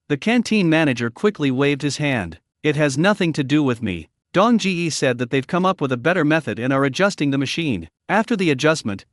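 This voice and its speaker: A man's voice: fairly high pitch, no echo. Man narrating a story recap, dry close mic. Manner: reads all characters' lines in his own voice.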